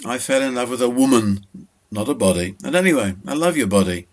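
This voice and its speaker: A man's voice: medium pitch, lively intonation, brisk, lightly acted. A man playing a devoted fiancé who speaks firmly and reassuringly, with a touch of cheerful bossiness. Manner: firm, reassuring and cheerfully bossy.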